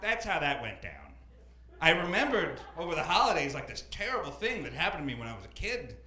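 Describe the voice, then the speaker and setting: A young man doing a stand-up comedy set on a club stage, rambling with deadpan asides and hesitant fillers. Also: fairly high pitch, brisk. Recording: roomy club with live crowd.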